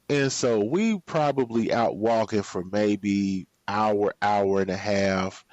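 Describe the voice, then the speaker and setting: A man from the United States, a podcast guest, telling a personal story in a relaxed, drawn-out way with slang. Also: fairly low pitch, no room sound. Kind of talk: storytelling in a casual interview. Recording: slightly muffled, dry sound.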